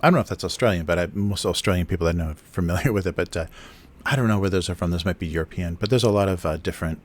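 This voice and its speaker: A low-pitched man chatting casually on his livestream from a home setup, talking close into a desk microphone. He wanders through his explanations with plenty of ums, uhs and restarts. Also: very fast. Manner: rambling, explains with many fillers and restarts. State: chewing food near the mic. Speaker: livestream host, cartoonist. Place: home studio in Japan. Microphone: close desk mic.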